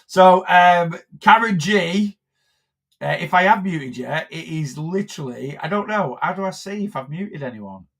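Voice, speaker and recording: A man's voice: high-pitched, animated, measured pace, fairly bright tone. A man, a weight loss coach, chatting casually on a phone live stream, rambling with lots of fillers and restarts.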